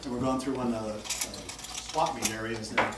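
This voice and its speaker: A man's voice: mid-range voice, steady tone, a little fast. A man casually telling a funny story at a birthday party, laughing as he goes. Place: home party room. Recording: echoey room, far from camera, loud noise.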